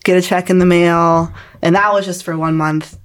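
A woman's voice: fairly low pitch, steady tone, moderate pace. Earnest young woman telling her story. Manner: casual and earnest, heavy use of "like". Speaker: guest.

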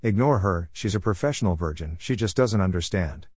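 A man's voice: deep voice, lively intonation, brisk, a little mellow, slightly rough, no echo, studio quality. A man voicing a drunk, blunt middle-aged father in a read-aloud story. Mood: tipsy. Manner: tipsy, blunt. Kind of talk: storybook character voice.

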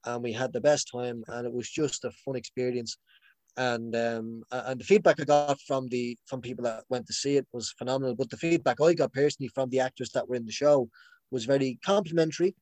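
A man's voice: medium pitch, fairly even intonation, brisk, a little mellow, dry recording. Rambling man, dry close sound. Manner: rambling, many restarts and fillers; laughs often. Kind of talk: casual chat.

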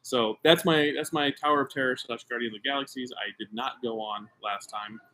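Animated middle-aged male storyteller. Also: mid-range voice, a little fast. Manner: animated storyteller, emphatic and self-mocking. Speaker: podcast co-host. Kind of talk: casual chat.

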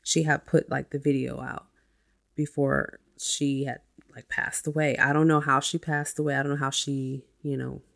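A woman's voice: rumbling low, little pitch movement, normal speed, gravelly, fairly bright tone. A woman and mother hosting a self-help podcast, talking casually and chatting with lots of "you know" and "like". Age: adult with a child. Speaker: podcast host.

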